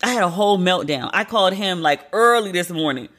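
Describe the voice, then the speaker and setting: A woman's voice: fairly low pitch, lively intonation, a little fast, a bit bright. A woman in her late thirties hosting a podcast alone, telling a story in a candid, profane, exasperated way. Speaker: podcast host. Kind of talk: casual solo podcast monologue.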